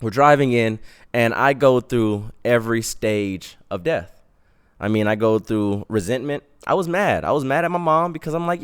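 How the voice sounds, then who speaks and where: A man with a smooth, clear voice at a middling pitch hosts a podcast, spinning a personal tale in an animated, slang-filled way. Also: normal speed. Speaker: podcast host. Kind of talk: storytelling podcast.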